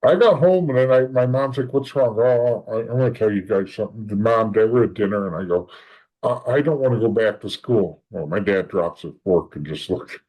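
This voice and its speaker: A middle-aged man, a podcast guest, telling his story in a lively way, acting out what others said and swearing freely. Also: on the low side, a little fast, low-quality recording. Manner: animated, acts out quoted voices, swears. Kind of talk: storytelling in an interview.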